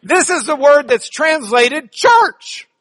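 A man's voice: very high voice, very animated, slow, fairly bright tone, no echo. A man teaching a church Bible class in a playful, joking way, spelling out words.

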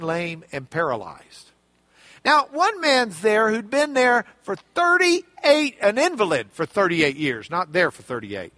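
A man delivers a sermon with animated storytelling, slipping into casual, comic voices for the people in the story. His voice sits very high and bright, with a lively, swinging pitch. The sound is close and dry. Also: dry recording. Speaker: preacher.

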